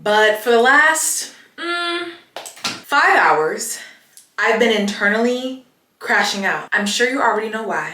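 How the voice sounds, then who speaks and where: A young woman vlogger chatting casually to the camera at home, expressive and emphatic, venting with repeated phrases. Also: lowish voice. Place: home, getting ready for the day. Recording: roomy echo.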